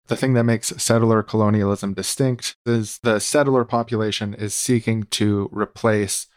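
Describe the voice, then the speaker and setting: A man co-hosting a casual podcast, talking in an earnest, explanatory way. His voice sits on the lower side. The sound is dry and close, with no room around it. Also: fairly even intonation, moderate pace, no room sound. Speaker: podcast co-host.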